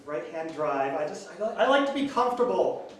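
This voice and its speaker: A man performing improv comedy on stage, playful and halting, full of restarts. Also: high-pitched, very animated. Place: theater stage. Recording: echoey stage mic from far off with noise.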